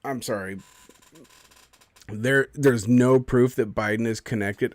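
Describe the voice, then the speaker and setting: A man's voice: mid-range voice, expressive, normal speed, no echo. A man hosting a live stream, reading out a news fact check and arguing with it in an indignant, sarcastic running commentary.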